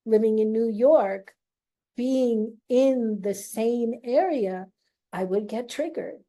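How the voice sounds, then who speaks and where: A woman telling an emotional personal story, speaking haltingly with long pauses and emphasis. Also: on the high side, warm tone.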